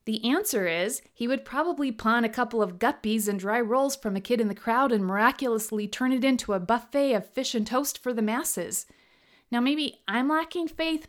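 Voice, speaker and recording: A woman giving a scripted talk, telling humorous stories playfully and slowing down to stress key words. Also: a little high, lively intonation. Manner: slow and emphatic on key words. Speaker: motivational speaker.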